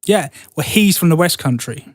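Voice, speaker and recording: A man's voice: on the high side, normal speed, no echo. Chatty man, dry close sound. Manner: rambling, restarts mid-phrase, animated when telling trivia. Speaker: podcast co-host. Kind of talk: casual chat.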